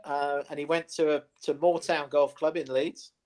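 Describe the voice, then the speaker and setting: A man with a slightly higher-pitched voice co-hosts a casual sports talk show. He tells golf stories in a rambling way, full of ums and side remarks. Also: little pitch movement, moderate pace, a little mellow. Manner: rambling storyteller with many ums and asides. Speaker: co-host, former golf pro. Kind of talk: casual studio chat.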